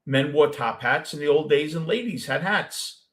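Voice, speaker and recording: A man's voice: on the high side, lively intonation, moderate pace, a bit bright. A man with a Brooklyn accent who hosts a show, chatting casually with a caller and telling long, rambling stories with many restarts. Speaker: host.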